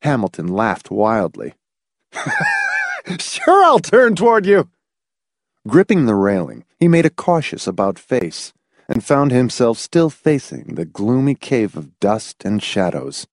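Man, dramatic story narration, animated, dry studio sound. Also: fairly low pitch, unhurried, no echo. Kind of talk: scripted audiobook narration.

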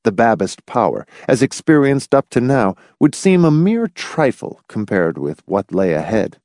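A man narrating a novel in an expressive, dramatic storytelling manner. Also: medium pitch, a little slow, no echo, studio quality. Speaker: audiobook narrator. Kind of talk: scripted narration.

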